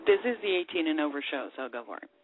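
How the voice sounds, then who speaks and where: A woman hosting a casual call-in talk radio show, chatty and quick to laugh as she coaxes callers. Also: low-pitched, lively intonation. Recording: tinny phone line with faint hiss.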